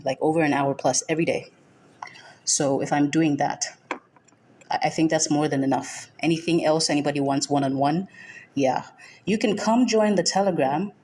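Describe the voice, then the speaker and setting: A woman's voice: low-pitched, a little mellow, slight background noise. A woman from Nigeria hosting a livestream trading lesson. She welcomes viewers by name and is firm and direct, repeating her key points. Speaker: forex trading mentor.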